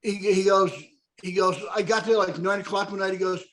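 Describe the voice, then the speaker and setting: Sex: man. Role: host. Style: casual talk-show chat. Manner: rambling, tag questions. Pitch: high. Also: steady tone, fairly quick, a bit bright. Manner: chatty, rambling, checks in with asides.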